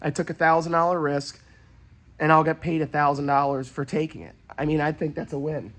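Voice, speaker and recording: A man's voice: a little high, fairly even intonation, fairly quick, fairly bright tone, dry recording, low-quality recording. A young man, a used car dealer, chatting bluntly in a casual vlog as he walks around cars at an auction lot. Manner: blunt, swearing, salesman banter.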